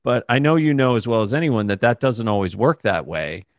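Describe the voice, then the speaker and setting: A man's voice: mid-range voice, brisk, no echo, studio quality. A man hosting an interview podcast, a former touring musician who chats casually and encourages his guest. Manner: encouraging, lots of short agreements.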